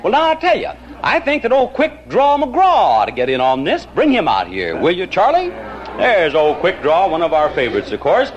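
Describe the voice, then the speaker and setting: A jovial man hosting a children's show, chuckling and coaxing his guests along. His voice rises and falls a great deal, a little high for a man. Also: wildly swooping pitch, normal speed, muffled recording, a little hiss or hum. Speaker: TV show host.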